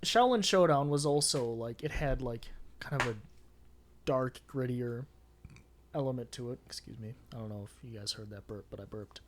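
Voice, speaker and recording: A young man co-hosting a podcast, chatting casually, stumbling and correcting himself, quick to laugh. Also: mid-range voice, a little hiss or hum. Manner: chatty, self-correcting, hesitant, laughs easily. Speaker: podcast co-host. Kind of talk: casual chat.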